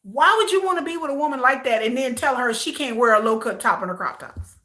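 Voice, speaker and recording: American woman livestream host, bright higher voice, blunt and disbelieving commentary. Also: animated, fast talker. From United States. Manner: outspoken, incredulous ranting with mocking mimicry. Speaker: live-stream host reacting to a reality show.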